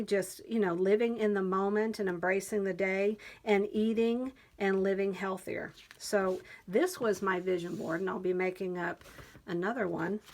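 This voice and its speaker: A woman vlogger walking viewers through a new planner, chatty and enthusiastic as she describes each page. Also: mid-range voice. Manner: enthusiastic, chatty, reads quotes aloud. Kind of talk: planner flip-through walkthrough.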